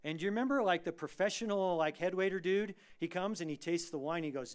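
A man preaching a sermon as pastor, dynamic, moving between hushed lines and loud, emphatic bursts. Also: high voice, fast talker, hardly any pauses. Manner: acts out quoted prayers and voices.

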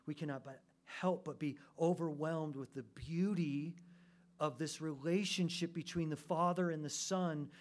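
A male preacher delivers a sermon in a fairly high voice. He lingers low and quiet on key words, then rises into loud, impassioned peaks, and his pace swings widely. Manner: swings from hushed low emphasis to loud fervent climaxes. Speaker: pastor.

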